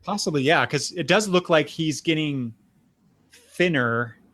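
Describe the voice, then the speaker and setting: A man's voice: a little high, animated, a little slow, fairly bright tone, no echo. An older man hosting a podcast, recapping comic book scenes in a casual chat with frequent restarts and fillers. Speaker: podcast host.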